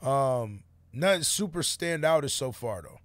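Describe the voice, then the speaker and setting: A man's voice: medium pitch, lively intonation, a little slow, slight background noise. A man giving casual, slang-heavy reaction commentary on a song he is playing, full of fillers like "like" and "you know.". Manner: laid-back slangy opinions, many fillers. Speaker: music reaction host.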